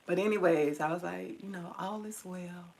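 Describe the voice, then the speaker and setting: A woman's voice: lowish voice, moderate pace, creaky, darkish tone, low-quality recording. A middle-aged woman tenderly reminiscing about her mother to her viewers, at times teary-eyed. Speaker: vlogger. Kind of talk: personal storytelling to viewers.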